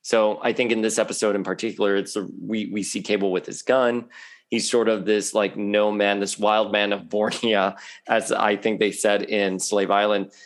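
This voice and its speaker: A man talking as a guest on a podcast in a chatty, animated way, laughing often. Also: fairly low pitch, normal speed. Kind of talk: casual podcast chat.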